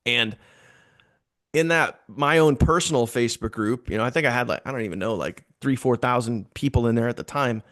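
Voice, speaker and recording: A man telling a casual story to his team, animated and repeating phrases for emphasis. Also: mid-range voice, a little fast, no room sound, clean studio sound.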